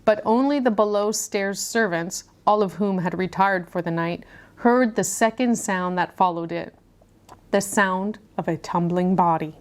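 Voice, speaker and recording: A woman's voice: mid-range voice, a little slow. A woman reading a murder mystery story aloud, narrating with dramatic storytelling. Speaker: puzzle channel host.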